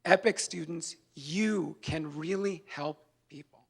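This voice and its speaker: A man's voice: fairly high pitch, slow pace, creaky, breathy edge. A man, a public defender, giving an earnest award acceptance speech, telling a story with light humor. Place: event hall.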